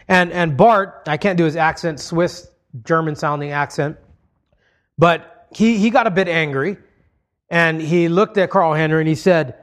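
A man's voice: on the high side, measured pace. A man preaching a sermon, explaining points to his congregation in a conversational way.

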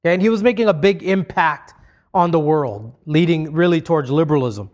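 A man's voice: a little high, brisk, highs cut off. A man preaching a sermon, explaining points to his congregation in a conversational way.

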